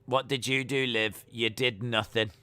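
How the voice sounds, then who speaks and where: A man's voice: medium pitch, fairly even intonation, unhurried, sharp tone, smooth. A man hosting a live wrestling watch-along, reacting and joking as he watches, teasing and chanting taunts at the screen.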